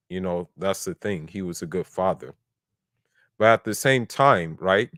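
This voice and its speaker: Blunt, low-voiced man arguing. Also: fairly bright tone, dry recording, clean studio sound. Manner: blunt, argumentative, recites verses in Arabic. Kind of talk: casual debate talk.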